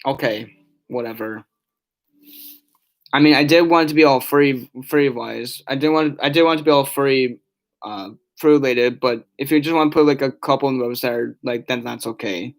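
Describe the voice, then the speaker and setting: A man's voice: medium pitch, normal speed. A tired young man chatting on a casual live stream, reading chat aloud and rambling with many restarts and fillers. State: yawning, tired.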